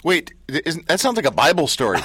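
A male podcast host chats casually and jokes at his own expense. His voice is bright and slightly high, with lively swings in pitch. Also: a little fast, slight background noise. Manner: jokey, self-deprecating. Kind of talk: casual joking chat.

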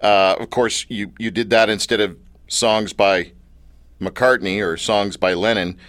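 A man hosting an interview, talking like an excited fan with slangy, enthusiastic chatter. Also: lowish voice, a little slow, dry recording. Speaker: interview host. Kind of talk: casual interview chat.

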